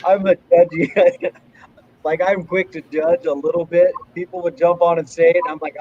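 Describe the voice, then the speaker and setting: A man's voice: on the high side, fairly even intonation, moderate pace, slightly rough. A man hosting a podcast, casual and enthusiastic, calling his guest brother. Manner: enthusiastic, calls people brother. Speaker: podcast host. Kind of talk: casual chat. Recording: slightly dull sound with faint noise.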